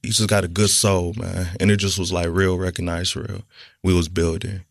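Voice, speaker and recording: A man's voice: low voice, flat delivery, moderate pace, gravelly, no room sound, studio quality. A middle-aged man, a guest author, telling stories in a laid-back, slangy way during casual podcast chat.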